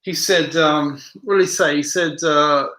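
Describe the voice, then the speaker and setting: A man's voice: fairly high pitch, steady tone, normal speed, pushed and bright, reverberant, a little hiss or hum. A tired man hosting a late-night live stream, reading viewer comments aloud and rambling in answer to them.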